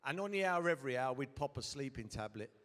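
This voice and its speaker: A man's voice: medium pitch, animated, fast, a bit bright. A middle-aged man on a hotel ballroom stage telling a rambling comic story with swearing and asides. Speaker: guest storyteller. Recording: hall reverb at a live event.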